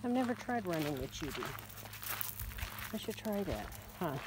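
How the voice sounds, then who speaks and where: Woman breeder, lowish voice, relaxed walk-and-talk, phone mic outside, rural noise behind. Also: normal speed. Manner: chatty, talks to the dog in a coaxing voice. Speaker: dog breeder. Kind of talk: casual vlog while walking a puppy. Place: outdoors on a rural road.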